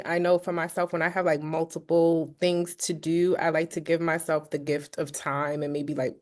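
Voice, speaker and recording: Woman on a zoom call, low flat voice, chatty feedback, lots of um and like. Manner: warm praise, lots of "like" and "um". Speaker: real estate agent giving feedback. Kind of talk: casual feedback on a group call. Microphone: video call.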